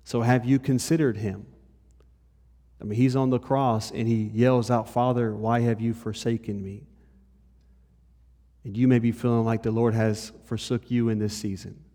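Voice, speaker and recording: A male pastor giving a conversational sermon. He moves between lively and hushed delivery and speaks straight to the congregation. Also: medium pitch, normal speed. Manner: conversational preaching, shifts between animated and hushed. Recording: long hall reverb.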